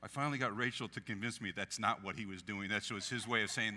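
A man, a pastor, giving a memorial eulogy with earnest, emphatic delivery that swells to sudden loud peaks. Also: lowish voice, quick pace. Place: church sanctuary. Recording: long church hall reverb.

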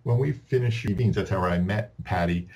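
A man's voice: low-pitched, fairly quick. A Canadian-born man, a podcast guest, telling long casual stories with lots of restarts and quoted dialogue. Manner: rambling, many restarts, animated quoting. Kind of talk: casual storytelling.

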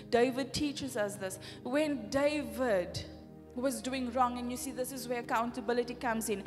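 A woman pastor with a South African accent, preaching a fervent sermon full of rhetorical questions in a church hall. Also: fairly high pitch. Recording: reverberant hall with faint music.

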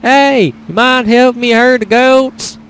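A man's voice: extremely high pitch, fairly even intonation, unhurried, a bit bright, voice pushed up, heavily acted. A man voicing an impatient young male cowboy herding goats in a video game, with a put-on drawl. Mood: friendly. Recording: game music behind.

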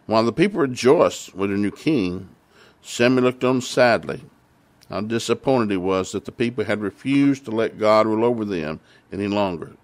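A man's voice: fairly low pitch, expressive, moderate pace. A man preaching and retelling Bible stories for families, emphatic and repeating phrases for stress.

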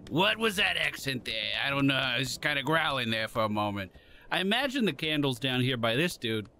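A man giving excitable let's play commentary, laughing, swearing and talking to the game characters as he plays. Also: medium pitch, fast. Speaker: gaming channel host.

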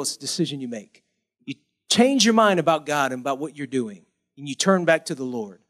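A man preaching a sermon as pastor, animated, acting out pleading voices in a high whine.

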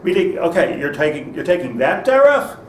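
A man's voice: a little high, sing-song, fairly quick. A man, a rabbi, teaching an informal Torah class in a conversational way, with many restarts and Hebrew terms. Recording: echoey room, speaker far from mic, faint noise.

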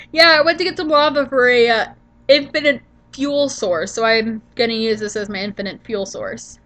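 Woman, casual gameplay voiceover, tired, allergy-sniffly, rambling, yawning, slightly high voice. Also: bright, forceful tone. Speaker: gaming channel host.

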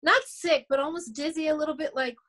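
A woman's voice: high voice, fairly even intonation, a little fast, a bit bright. A middle-aged woman, a singer being interviewed, speaking bluntly and emphatically, swearing freely and acting out what others said. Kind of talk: candid interview chat.

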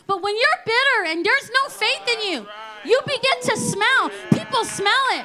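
A woman preaching a sermon at a church service, talking rapidly and emphatically and acting out the voices she quotes. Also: extremely high pitch, animated, crowd noise.

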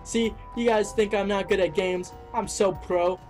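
A man's voice: sits high, a little slow, faint music behind. A man hosting a let's play, commenting on his gameplay and yelping at the action. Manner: excitable, shrieks and yelps at the game.

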